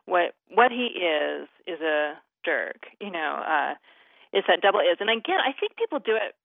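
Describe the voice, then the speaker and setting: A woman's voice: on the low side, very animated, moderate pace, vocal fry, dry recording. Chatty woman grammar expert on phone. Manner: chatty, many "you know" fillers, laughs easily. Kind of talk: explaining on a call-in radio show. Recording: narrow phone line.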